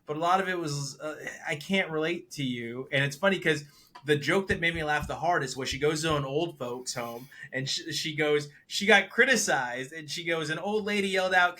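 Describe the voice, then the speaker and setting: A man co-hosting a podcast, chatting casually about movies he watched and acting out the lines he quotes. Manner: animated, acts out quotes with big jumps in pitch and volume. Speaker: podcast co-host reviewing films. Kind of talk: casual chat.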